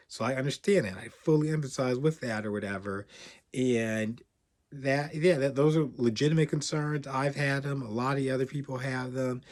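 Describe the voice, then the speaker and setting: A man's voice: medium pitch, moderate pace. Rambling man telling a story. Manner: rambling, animated, repeats "whatever". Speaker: premed coach. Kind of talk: casual storytelling to camera.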